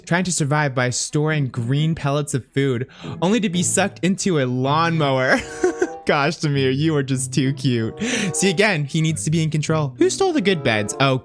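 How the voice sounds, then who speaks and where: A man giving casual, playful commentary over a life-sim game, teasing the characters and exclaiming often. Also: fairly high pitch. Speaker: gameplay commentator.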